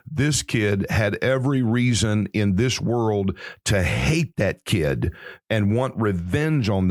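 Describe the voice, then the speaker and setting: Male podcast host, lower voice, slow and earnest, preacher cadence, dry close sound. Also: no room sound. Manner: earnest, preacherly, with drawn-out words. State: emotional. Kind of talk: inspirational Christian podcast talk.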